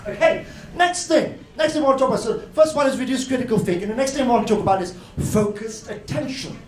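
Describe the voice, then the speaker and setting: A man giving a lively, playful workshop talk at a conference, acting out voices and laughing often. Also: very high-pitched, quick pace. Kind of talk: lively educational talk to an audience. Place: hotel conference room. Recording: roomy hall with faint noise.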